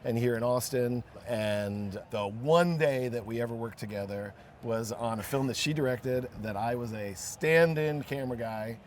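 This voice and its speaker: A man's voice: medium pitch, normal speed, hardly any pauses, slight background noise. A man co-hosting a podcast at a party, telling stories with easy self-deprecating humor. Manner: relaxed storytelling with self-deprecating jokes. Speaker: podcast co-host. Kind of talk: casual interview at a party. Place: crowded outdoor film party. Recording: chatty crowd behind.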